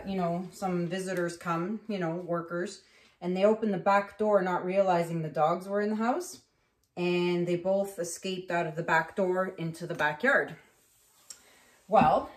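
A middle-aged woman from Canada, painting on camera and telling a story in a casual, animated way, acting out the voices of the people in it. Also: on the low side, normal speed. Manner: animated, acts out voices in her stories. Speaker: acrylic pour painter.

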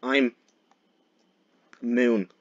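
A young man giving jokey gameplay commentary as a video creator, often breaking into loud, mock-dramatic shouts. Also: medium pitch, fairly even intonation, extremely slow, muffled recording.

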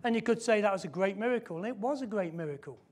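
A high-pitched man delivers a sermon in a church. He speaks emphatically, repeats his key phrases and slows down to press a point home. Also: expressive, darkish tone, breathy edge. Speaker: preacher.

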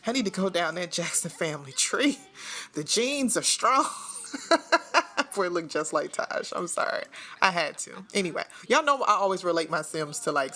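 A woman's voice: fairly low pitch, pushed and bright. A woman, chatting casually to viewers while playing a life-sim game, laughing often. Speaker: gaming channel host. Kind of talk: casual let's-play commentary.

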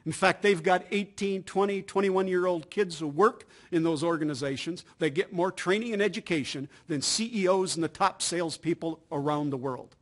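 A man's voice: high voice, normal speed, few pauses. A middle-aged man from the United States giving a business training talk on customer service, telling anecdotes with emphasis.

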